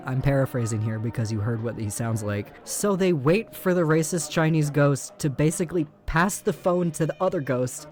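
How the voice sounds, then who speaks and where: A woman's voice: sits low, moderate pace, few pauses, a little mellow. A woman reviewing a terrible movie in a sarcastic, exasperated commentary, with background music.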